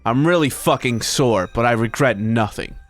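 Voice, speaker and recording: A male streamer reading an internet story aloud to his chat, breaking off into high, disbelieving comments. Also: moderate pace, dry recording. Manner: animated, breaks into high-pitched disbelieving asides.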